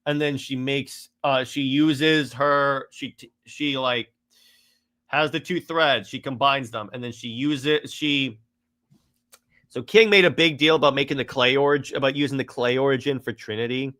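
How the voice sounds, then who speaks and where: A man's voice: mid-range voice, fairly even intonation, moderate pace, bright, forceful tone. A man giving a casual, exasperated critique of a comic run, rambling with frequent restarts.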